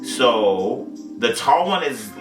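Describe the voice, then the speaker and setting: Co-hosting a casual podcast, a man tells a wild night-out story in slang, swearing freely, at a slow pace with big pitch swings in his mid-range voice. The sound is roomy, the mic distant, with faint music behind him.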